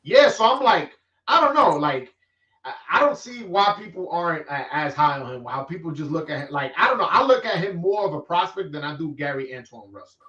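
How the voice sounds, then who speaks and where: Fields: Sex: man. Style: animated street-talk boxing chat. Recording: roomy, distant, lo-fi. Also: on the high side, a little fast. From New York. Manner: animated, streetwise slang, frequent restarts. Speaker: boxing vlogger host. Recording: roomy, distant, dull lo-fi sound.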